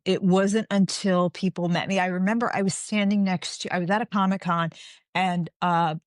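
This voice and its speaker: A woman in her forties chatting as an interview guest, with a voice a touch lower than most women's. She tells her stories with animation and slips into the voices of the people she quotes. The sound is close and dry. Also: no echo. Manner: animated storyteller, acts out quoted dialogue. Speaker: guest author. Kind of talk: casual interview chat.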